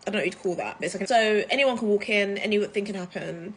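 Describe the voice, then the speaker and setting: A woman from the UK, telling a story to camera in a chatty, animated way, full of fillers. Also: medium pitch, fast talker, breathy edge. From United Kingdom. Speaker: vlogger. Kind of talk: casual storytime vlog.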